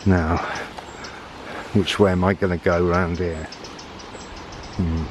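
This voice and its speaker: A man's voice: low voice, little pitch movement, slow, noisy background. A man chatting casually while walking through summer woods with a handheld camera. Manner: rambling, chatty, thinking aloud. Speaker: vlogger on a woods walk. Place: outdoors in summer woodland. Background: birdsong and faint outdoor ambience.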